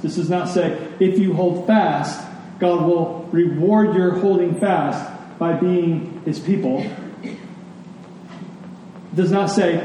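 A man's voice: fairly high pitch, takes it slowly, warm tone, slight background noise. A man preaching a sermon as a pastor, emphatic and rhythmic, leaning on key words. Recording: echoey hall, distant mic.

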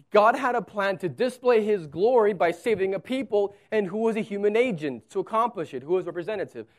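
A man's voice: high-pitched, expressive, brisk, hardly any pauses. A male pastor preaching a sermon with emphasis, acting out the quotes.

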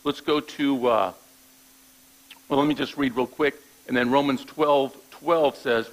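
Male pastor, gravelly mid-pitched voice, plainspoken conversational sermon delivery. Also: normal speed, rough recording. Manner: conversational preaching with frequent "all right?" check-ins; repeats words when restarting thoughts.

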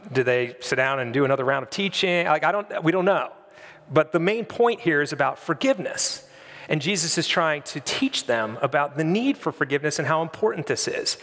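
A man's voice: fairly high pitch, a bit bright, long reverb tail. A man preaching a sermon in a conversational, storytelling way, painting vivid scenes for his congregation in a church. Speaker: pastor.

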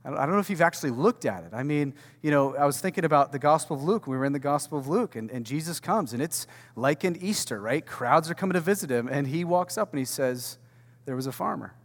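A man preaching a conversational sermon as pastor, swinging from loud to hushed and repeating words as he goes. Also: on the high side, expressive, fast talker, few pauses. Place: warehouse church hall. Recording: long reverb of a large hall.

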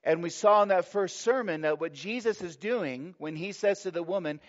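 A man preaching a sermon with emphasis, slowing down and stressing words as he reads and explains scripture. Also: high-pitched. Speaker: pastor. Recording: dull lo-fi sermon recording.

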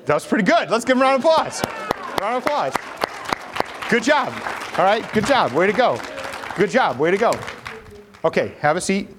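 Guy preaching, lively, acts out little voices, keeps asking the room stuff. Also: high-pitched, normal speed, pauses often, background noise. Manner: animated, acts out voices, asks the crowd questions. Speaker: pastor. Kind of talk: sermon.

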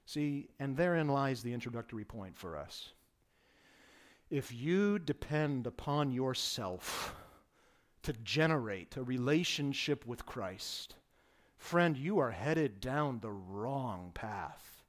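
A man preaching a sermon with emphatic delivery, swelling his voice for stress and dropping it low for asides. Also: animated, takes it slowly. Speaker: pastor.

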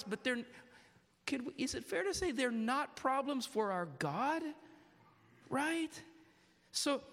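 Earnest preacher in a reverberant hall. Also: male voice, extremely high pitch, fairly bright tone. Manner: earnest, with many restarts and direct questions to the congregation. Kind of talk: sermon.

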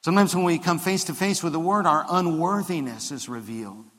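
A man, the pastor, preaching a conversational sermon that builds to emphatic high points, with frequent restarts. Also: fairly quick, fairly bright tone. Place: church sanctuary. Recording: long hall reverb of a church.

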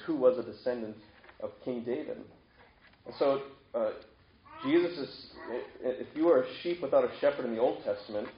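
A man's voice: medium pitch, slight background noise. A man preaching a sermon in a conversational way, asking his listeners a string of questions. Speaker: pastor. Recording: echoey room, dull lo-fi sound.

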